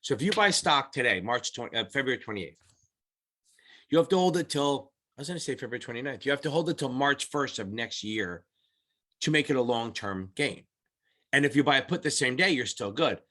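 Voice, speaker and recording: A man's voice: mid-range voice, lively intonation, fairly quick, sharp tone. A middle-aged man teaching exam prep in a casual, blunt and profane way, rambling through his explanations. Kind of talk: casual whiteboard lesson.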